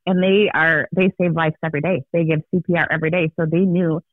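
A woman's voice: deep voice, fairly even intonation, dry recording. Woman telling her story over a tinny phone line. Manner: earnest, halting, with fillers and restarts. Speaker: guest recounting a personal ordeal. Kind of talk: emotional personal testimony.

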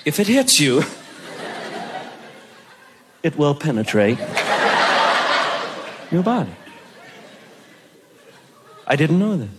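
A man performing a stand-up comedy routine, telling stories in an animated way with bursts of shouting. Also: on the high side, slow pace, long pauses, a loud crowd. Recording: noisy recording.

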